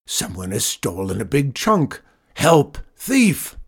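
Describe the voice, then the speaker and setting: A man's voice: medium pitch, huge pitch swings, slow pace, husky, exaggerated voice. A man voicing a blustering male farmer who roars and bellows, in a storybook reading. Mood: furious. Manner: roaring, bellowing.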